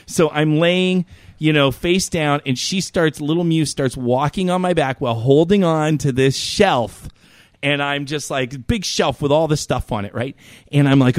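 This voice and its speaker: A man's voice: fairly high pitch, normal speed, dry recording, clean studio sound. A young man on a podcast, telling a story animatedly and swearing now and then. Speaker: podcast co-host. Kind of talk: casual chat.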